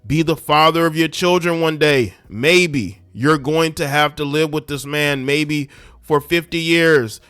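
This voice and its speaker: A man's voice: on the high side, measured pace, a bit bright, smooth, dry recording. Scornful ranting male commentator. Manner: scornful, preachy, talks straight at the listener. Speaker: commentary channel host. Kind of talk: ranting social media commentary.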